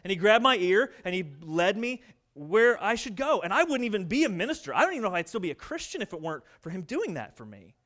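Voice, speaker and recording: A minister with a notably high voice delivers a sermon, talking to his listeners directly and plainly. He pushes some points out loudly and drops others to a near hush. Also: big pitch swings, fast. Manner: earnest, conversational preaching that swings from loud to hushed.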